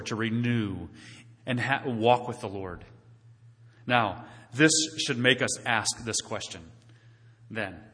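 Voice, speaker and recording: A man's voice: mid-range voice, a bit bright, big-room sound. A male pastor preaching a sermon in a church sanctuary, talking conversationally and putting questions to the congregation.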